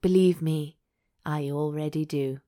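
A woman reading aloud, voicing a tender, possessive young duke in her own slightly low voice. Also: steady tone, unhurried, warm tone.

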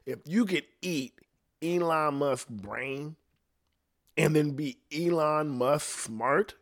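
A man's voice: fairly high pitch, slow, fairly bright tone. A man ranting loosely on his own podcast, rambling from idea to idea with lots of swearing and "you know what I mean". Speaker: podcast host. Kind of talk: rambling solo podcast rant.

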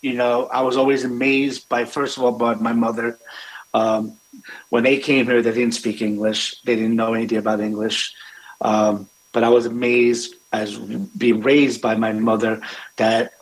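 A man's voice: mid-range voice, little pitch movement, a little slow, poor audio. Rambling man telling family stories. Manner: rambling, many fillers and restarts. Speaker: restaurant owner, guest. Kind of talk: conversational storytelling.

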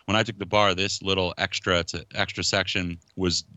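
A man hosts a relaxed podcast chat, talking in long, rambling runs that get animated. His voice sits a little low but sounds bright and forward. The sound is close and dry, with a slightly dull, muffled edge. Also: fairly quick, no echo. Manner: rambling, animated, yells to family off-mic. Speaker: podcast host. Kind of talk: casual chat.

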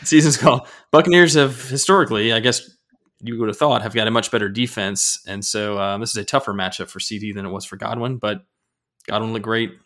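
This sports podcast co-host has a lowish, slightly bright voice and talks into a podcast mic. The casual show is full of his upbeat jokes and rapid back-and-forth.

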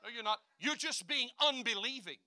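A man preaching a sermon, swinging from quiet asides to loud declarations and acting out voices. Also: very high voice, expressive, a little fast, dry recording.

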